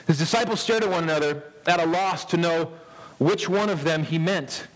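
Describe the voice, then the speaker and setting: A man in his thirties preaching a sermon as a pastor, earnest, pausing for emphasis and often restarting his words. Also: on the high side, long reverb tail.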